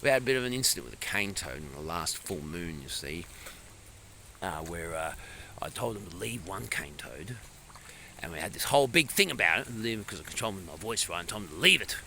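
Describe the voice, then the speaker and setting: A man's voice: sits low, big pitch swings, brisk, gravelly, bright, forceful tone, slight background noise. A man with a broad Australian accent delivering a rambling comic monologue as a larrikin bushman, recorded outdoors in the countryside. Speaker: comedy character vlogger.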